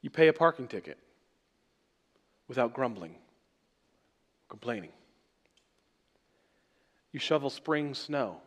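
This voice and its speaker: A man preaching a sermon as pastor, swinging between loud emphatic phrases and soft, trailing words. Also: mid-range voice.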